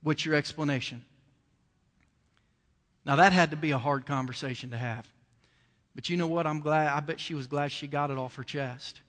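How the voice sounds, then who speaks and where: A man's voice: a little high, steady tone, a little fast, fairly bright tone, long reverb tail. A man preaching a sermon in a conversational way, building to emotional emphasis.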